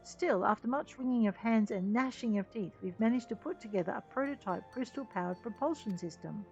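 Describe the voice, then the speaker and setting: A woman voicing a gruff, eager male airship engineer in a game, speaking in a hearty, blustering manner. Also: medium pitch, fairly quick, darkish tone, lo-fi sound, faint music behind, natural voice. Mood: enthusiastic.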